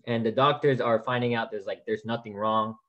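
An eighteen-year-old man calling into a video call forum, soft-spoken and hesitant, describing his worries. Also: mid-range voice, steady tone, fairly quick, dull audio. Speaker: caller.

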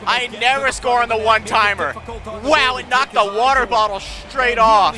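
A young man giving excited play-by-play while playing a hockey video game, shouting at goals and his voice cracking. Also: very high-pitched, moderate pace, music in the background. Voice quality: frequent voice cracks. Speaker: gaming commentator.

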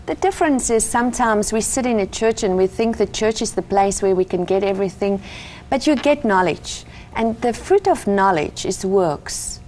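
A woman's voice: mid-range voice, a little mellow, a little hiss or hum. A middle-aged woman from Africa, earnestly telling her personal faith story as an interview guest. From South Africa. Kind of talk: personal testimony in conversation.

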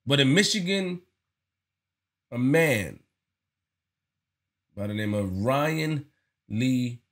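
A man giving casual spoken commentary on his channel, earnest and slangy, often repeating himself as he talks it through. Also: on the low side. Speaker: vlogger.

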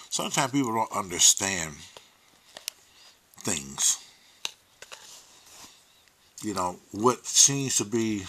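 Husky and lowish with a fairly bright tone, this man's voice leads a casual monologue on his own livestream. He's open and emotional, cursing without restraint and now and then sinking almost to a whisper.

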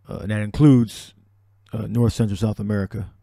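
Man preaching on scripture, low mellow voice, dry sound, loose and repetitive. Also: steady tone, brisk, gravelly, no room sound. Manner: repetitive, restarts, scripture-heavy. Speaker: religious teacher. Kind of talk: preaching commentary on a video.

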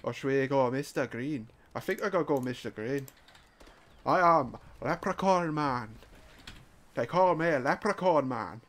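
A man's voice: mid-range voice, expressive, a little slow, a bit bright. A man voicing a jolly self-styled leprechaun with a hammy put-on Irish accent, hosting gameplay commentary. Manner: hammy, playful put-on brogue. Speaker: gaming channel host.

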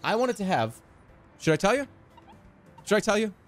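A man streaming a game, talking in an excitable, joking, profane way. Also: sits high, normal speed, faint music behind. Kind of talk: casual gameplay commentary.

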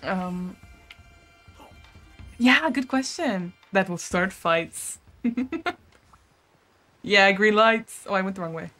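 A woman's voice: medium pitch, slow pace, long pauses, sharp tone, soft background music. A young woman streaming a game, chatting casually and giggling with her viewers, swearing now and then. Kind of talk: casual live-stream chat while gaming.

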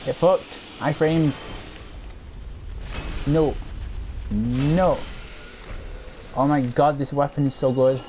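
Slow-talking playful let's play gamer. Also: medium pitch, a little hiss or hum. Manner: playful, giggly and swearing; excitable outbursts during fights. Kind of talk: casual gaming commentary.

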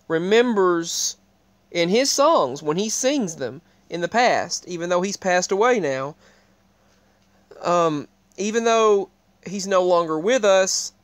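High, smooth-voiced man talking to camera. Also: no echo. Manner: rambling, with frequent restarts; points viewers to what is on screen. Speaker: video creator. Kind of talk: casual talk to camera.

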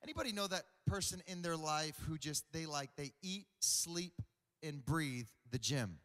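A young man preaches with a joking, animated delivery, tripping over repeated words. His voice sits high and bright, with a sharp edge. A long church-hall reverb trails every phrase. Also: moderate pace. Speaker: pastor. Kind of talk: comedic sermon. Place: large church auditorium.

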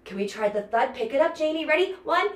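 A woman's voice: high-pitched, lively intonation, fast talker, roomy sound. A woman teaching a toddler music class, counting rhythms and chanting in a bouncy sing-song way. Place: indoor room, sitting on floor.

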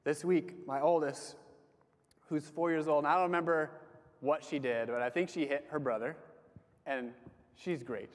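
A young man giving a casual sermon to a campus group, talking conversationally with lots of fillers and letting his phrases trail off softly. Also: on the high side, moderate pace, pauses often. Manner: conversational, frequent "like" fillers, dips soft at phrase ends. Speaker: campus ministry speaker. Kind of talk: casual sermon with personal stories. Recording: long hall reverb.

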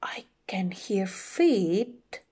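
A woman doing a hushed, low monster. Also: very animated, very slow, breathy edge, full character voice. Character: big hungry male forest monster, gullible.

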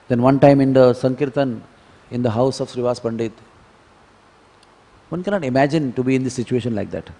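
A man giving a devotional scripture lecture in a temple, telling stories and moving between hushed and emphatic delivery. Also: medium pitch, moderate pace, creaky, pauses often. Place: temple hall. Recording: long temple hall reverb.

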